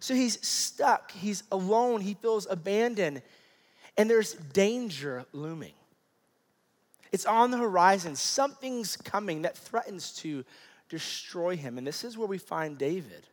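A man's voice: high voice, lively intonation, measured pace. A male pastor preaching a sermon in a conversational, storytelling way with many fillers. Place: large church hall. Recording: reverberant church hall.

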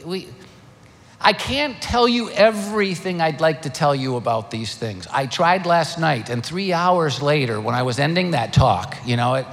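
Animated older preacher in a hall. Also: male voice, fairly high pitch, moderate pace. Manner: animated, emphatic, rhetorical questions. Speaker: pastor. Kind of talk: sermon. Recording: long hall reverb.

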